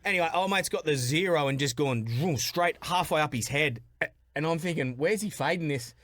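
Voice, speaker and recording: A man's voice: on the high side, a little fast, fairly bright tone, no echo. A man guesting on a podcast, chiming in with details of a shared story and laughing along. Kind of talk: casual chat.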